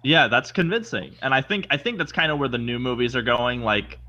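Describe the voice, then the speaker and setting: A man's voice: medium pitch, expressive, brisk, sharp tone, muffled recording. Rambling, self-correcting male podcast co-host. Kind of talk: casual chat.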